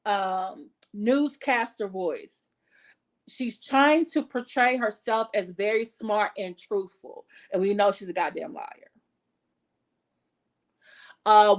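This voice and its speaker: A woman hosting casual gossip commentary, blunt and profane, chatty with fillers and self-corrections. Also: fairly high pitch. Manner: blunt and profane, talks with her hands in her words. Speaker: commentary channel host.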